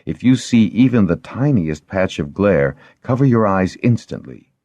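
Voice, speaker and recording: A man putting on a soft, firm young healer woman. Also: sits low, big pitch swings, moderate pace, no echo, voice pushed up. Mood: gentle, firm. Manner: soft, gently reproachful.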